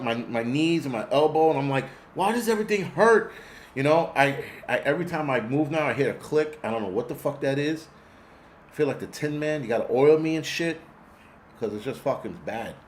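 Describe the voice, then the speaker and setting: Here a livestream host in his forties rants casually, cursing, wandering off topic, and talking back to viewers in chat. He has a medium-pitched voice over a faint hiss or hum.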